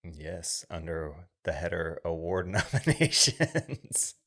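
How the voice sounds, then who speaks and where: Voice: sits low, big pitch swings, slow pace, fairly bright tone. A podcast co-host in casual film chat, asking dry, teasing questions.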